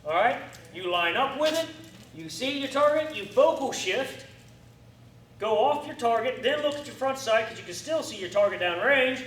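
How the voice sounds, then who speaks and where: High-voiced firearms instructor in echoey room. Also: male voice, normal speed. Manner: animated, coaching, acts out student reactions. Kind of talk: classroom instruction. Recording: echoey room, distant mic, faint noise.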